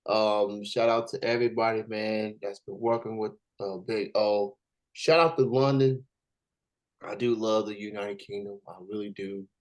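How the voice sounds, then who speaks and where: A man's voice: on the low side, steady tone, low-quality recording. Easygoing American man hosting a chat. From United States. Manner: easygoing, drawn-out fillers, chuckles. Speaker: host. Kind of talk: casual interview chat.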